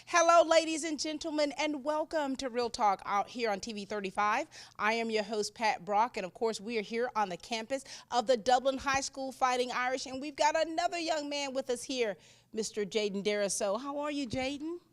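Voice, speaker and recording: A woman's voice: high-pitched, moderate pace. A woman hosting a local TV interview, greeting viewers with friendly enthusiasm. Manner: friendly, enthusiastic host patter. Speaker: TV show host.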